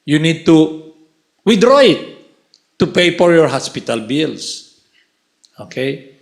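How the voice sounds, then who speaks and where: Male spiritual lecturer, high voice, slow and animated delivery. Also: vocal fry. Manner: animated, keeps checking in with the listeners.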